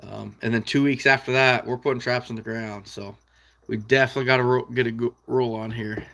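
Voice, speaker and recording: A man's voice: mid-range voice, fairly even intonation, fairly quick, vocal fry, pushed and bright. A man with an American Midwest accent hosting a casual livestream, reading out viewer comments in an easygoing, folksy way with frequent chuckles. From Iowa.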